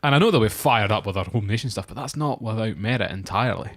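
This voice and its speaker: A man's voice: lowish voice, fast talker, fairly bright tone. A man from Scotland co-hosting a casual football podcast, joking and opinionated, with easy laughter. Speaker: podcast co-host.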